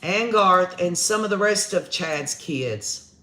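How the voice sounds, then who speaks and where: A man's voice: sits high, lively intonation, takes it slowly, sharp tone. A man hosting a true crime live stream, reading viewer comments aloud in a folksy, chatty way. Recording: roomy echo.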